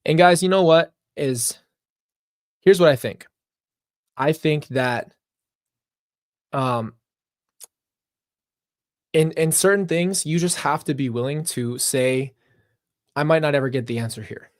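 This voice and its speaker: An earnest man talks straight to his viewers during a live reaction stream, drifting into long reflective tangents. His voice sits at an ordinary male pitch and is recorded dry and close, with no room echo. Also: slow, long pauses. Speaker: reaction channel host.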